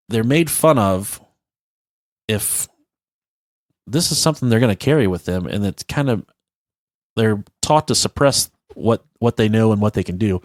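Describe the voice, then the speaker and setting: A man's voice: lowish voice, no echo, studio quality. A man in his thirties co-hosting a podcast, telling stories in a casual, rambling, profane way. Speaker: podcast co-host.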